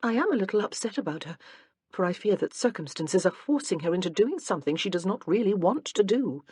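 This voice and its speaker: A woman's voice: medium pitch, animated, a little fast, darkish tone, husky, no echo, pitched above the performer's own voice. Woman reading as a teasing young wife. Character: playful pregnant young wife, teasing and warm. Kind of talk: audiobook character reading.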